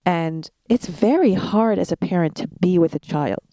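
Low, gravelly-voiced woman telling stories. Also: expressive, normal speed, dry recording. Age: middle-aged. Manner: warm storytelling with laughs. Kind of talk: casual chat about parenting.

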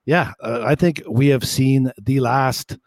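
A man's voice: medium pitch, slow pace, dry recording. A man co-hosting a podcast over a remote call, easygoing with dry humor in casual chat. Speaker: podcast co-host.

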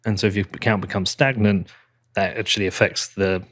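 A man's voice: lowish voice, steady tone, a little fast, a bit bright. A British man, host of a podcast, reading sponsor ads and then chatting casually with his guest, laughing often and restarting his sentences. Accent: British English. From Britain. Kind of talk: ad reads then casual chat.

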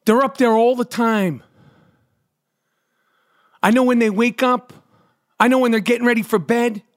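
Profane ranting New man, high voice. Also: steady tone, unhurried. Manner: profane, ranting, yells in bursts. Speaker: podcast host. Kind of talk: profane comedic rant.

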